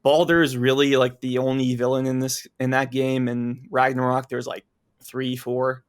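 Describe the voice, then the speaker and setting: A man's voice: medium pitch, level tone, moderate pace, smooth. Easygoing young-sounding podcast man. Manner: easygoing, many "like" fillers. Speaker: podcast guest. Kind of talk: casual podcast chat.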